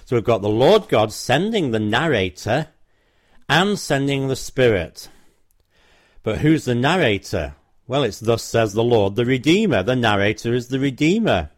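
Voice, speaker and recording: This is a man with a somewhat low voice giving spoken Bible teaching into a recorder. He explains each passage earnestly and reads scripture aloud. His talk is loose and full of hesitations. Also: a little slow. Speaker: preacher recounting a doorstep discussion. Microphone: personal recorder.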